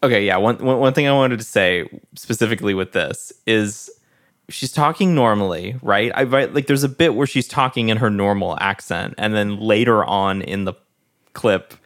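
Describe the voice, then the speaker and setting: A man's voice: fairly low pitch, moderate pace, a bit bright. A young man co-hosting a podcast, chatting casually about an episode with laid-back, wry asides. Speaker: podcast co-host. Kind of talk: casual chat recapping a TV episode.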